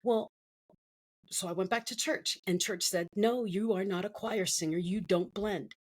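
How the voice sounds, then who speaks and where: A woman's voice: mid-range voice, unhurried, breathy edge. A middle-aged woman from the Philippines, a guest telling her life story in an interview, acting out the voices of the people she quotes.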